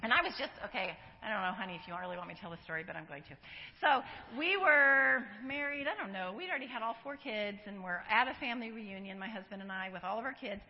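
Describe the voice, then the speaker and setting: A middle-aged woman giving an animated, chatty church teaching talk and laughing often. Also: mid-range voice, fast talker. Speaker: women's ministry speaker. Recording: echoey hall, dull lo-fi recording.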